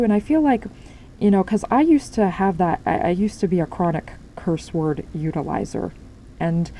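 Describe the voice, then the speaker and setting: A woman's voice: mid-range voice, mellow, slight background noise, poor audio. A woman giving a spiritual tarot reading, talking in a rambling way with many fillers and restarts. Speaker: tarot reader.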